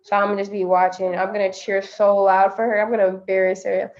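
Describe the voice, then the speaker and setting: A woman's voice: mid-range voice, flat delivery, a little mellow. A young woman athlete joking around in a casual video-call interview. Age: young adult. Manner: playful and joking, quick laughs. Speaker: basketball player guest. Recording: dull video-call audio.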